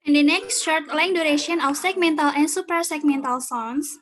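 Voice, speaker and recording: A woman reading a class presentation aloud, steady with small stumbles. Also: high-pitched, moderate pace, poor audio. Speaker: student presenter.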